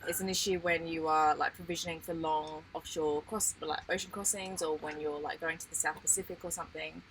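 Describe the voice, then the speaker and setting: An Australian woman in her thirties talks easily on a live stream, her voice fairly low yet bright and forceful. She laughs often and explains things patiently. Faint ambient noise sits behind her. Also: steady tone, a little fast, rough recording. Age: 30s. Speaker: sailing channel co-host. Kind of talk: casual live-stream chat.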